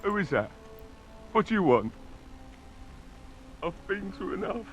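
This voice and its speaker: An actor playing a weary, bitter old village blacksmith who has been drinking heavily, gruff in manner. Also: male voice, sits high, sing-song, a little slow, faint music behind. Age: older. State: drunk. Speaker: game character.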